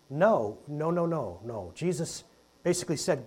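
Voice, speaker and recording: Lively, husky-voiced male preacher. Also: a little high, moderate pace. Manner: conversational, calls the congregation "guys", jokes aside. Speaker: pastor. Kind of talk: sermon. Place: church hall with a congregation.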